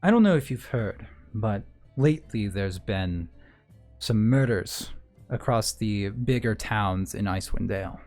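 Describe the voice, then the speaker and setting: A man's voice: fairly low pitch, expressive, measured pace, darkish tone. Brief: grizzled old bounty huntress, matter-of-fact, tabletop role-play, a man voicing her, faint music under. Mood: blunt. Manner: matter-of-fact, hesitant fillers. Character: elderly woman ex-bounty hunter, battle-scarred, blunt.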